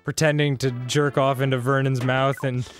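A man's voice: medium pitch, little pitch movement, normal speed, soft background music. A man co-hosting a let's play, bantering casually and laughing often as he talks. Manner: giggly, laughs often while talking.

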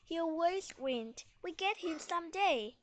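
A woman voicing an excited young boy dog in a children's storybook reading. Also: very high voice, unhurried.

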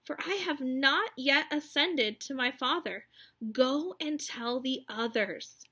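A calm, gentle grown man of the storybook speaks slowly and kindly, as a woman reads his lines. The tone is high and bright. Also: slightly rough, exaggerated voice.

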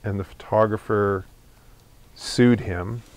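A man's voice: on the low side, slow, no room sound. A man hosting a podcast in casual chat, joking dryly and leading into the news. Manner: dry, deadpan joking, leads into the news topics. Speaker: podcast host.

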